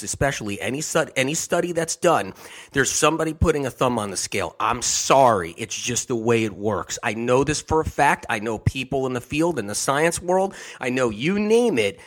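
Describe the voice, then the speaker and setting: On his health radio program, a male host talks casually in a mid-range, somewhat bright voice. His manner is emphatic and giggly, with frequent repetition.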